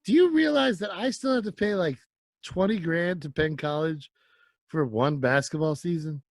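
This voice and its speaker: A man's voice: a little high, animated, moderate pace, no room sound. A man co-hosting a podcast in casual chat, joking and laughing often. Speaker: podcast co-host.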